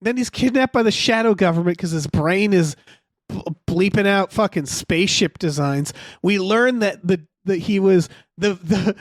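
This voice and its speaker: A man with a high-pitched voice riffs through a casual movie-review chat, swearing freely and slipping into little quoted voices. He sounds wry and offhand. The room around him is dry, with no echo. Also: normal speed. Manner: profane, wry, acts out quoted people. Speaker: podcast co-host.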